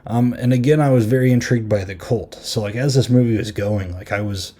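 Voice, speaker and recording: A man hosting a podcast, casually recapping a horror film with lots of "like" and "um" and quick half-acted quotes. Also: medium pitch, mellow. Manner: rambling, filler-heavy recap with frequent "like" and "um"; easily amused, retells scenes with quick half-acted quotes. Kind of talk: casual chat.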